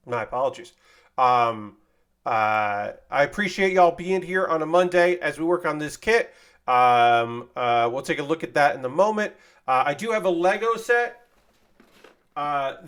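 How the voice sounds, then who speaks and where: A man's voice: a little high, fairly bright tone. A man chatting casually on a livestream while building a model kit, thanking viewers by name and joking to himself. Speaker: streamer building model kits.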